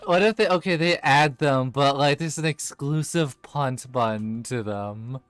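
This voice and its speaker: A man's voice: mid-range voice, measured pace, a bit bright, clean tone, no room sound, faint music behind. A man in casual gaming chat, rambling and laughing, with many fillers as he plays. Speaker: game streamer.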